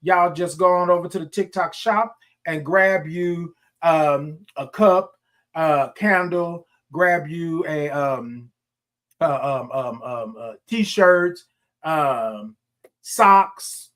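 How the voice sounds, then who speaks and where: Casting: Southern Texan man, morning-show host, folksy repeat-heavy chat, voice sits a bit high. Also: slow pace, fairly bright tone. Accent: Southern US, Texas. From Houston, Texas. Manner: folksy, repeats himself, greets viewers by name. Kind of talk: casual livestream chat.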